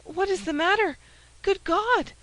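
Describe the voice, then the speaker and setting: A woman's voice: high-pitched, expressive, moderate pace, a bit bright, pitched above the performer's own voice, low-quality recording. A woman voicing a timid, earnest young novice who speaks in an eager, pleading way. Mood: alarmed.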